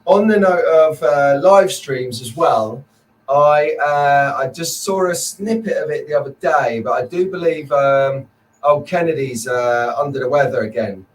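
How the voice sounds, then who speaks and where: A man's voice: on the high side, unhurried. Upbeat chatty man, distant from the mic. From Merseyside, England. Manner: chatty, upbeat, rambling, greets viewers by name. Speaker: live stream host. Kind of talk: casual live stream chat.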